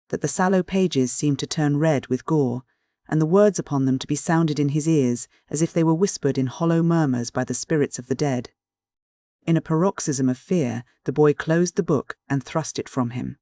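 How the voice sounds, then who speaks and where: Man, audiobook narrator, steady measured storytelling, slightly high voice, dry close recording. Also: no room sound. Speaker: audiobook reader.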